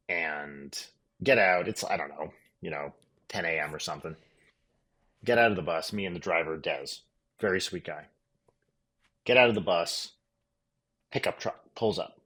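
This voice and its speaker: A man's voice: sits low, fairly bright tone, breathy edge. A man co-hosting a podcast, telling a road story in a dry, wry, casually profane way. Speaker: podcast co-host.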